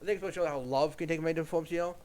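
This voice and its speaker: A man's voice: a little high, steady tone, very fast, darkish tone. A young man chatting casually at home, retelling an old tale in a rambling way with lots of fillers and restarts. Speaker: YouTube creator. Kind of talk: casual storytelling monologue.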